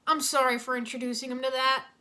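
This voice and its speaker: A woman's voice: high voice, flat delivery, quick pace, bright, forceful tone. A woman doing an earnest young male ninja. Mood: wry.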